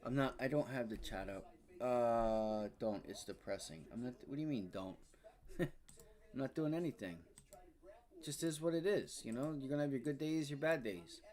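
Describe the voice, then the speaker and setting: A man's voice: mid-range voice, animated, moderate pace, a little mellow. A man hosting a live day-trading stream, frustrated and swearing, muttering to himself as he talks to viewers. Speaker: day trading livestream host.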